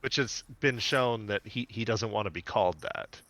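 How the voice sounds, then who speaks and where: A man's voice: fairly low pitch, normal speed. A man co-hosting a podcast, chatting casually and laughing as he recaps a cartoon episode. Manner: animated, laughing storyteller. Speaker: podcast co-host.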